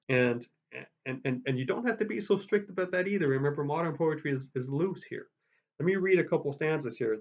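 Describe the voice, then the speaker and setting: A man giving a college lecture on poetry, rambling with many restarts and tapping out meter aloud. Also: mid-range voice. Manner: rambling, full of restarts and fillers, sounds out meter with "da da". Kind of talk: recorded lecture. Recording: dull lo-fi sound.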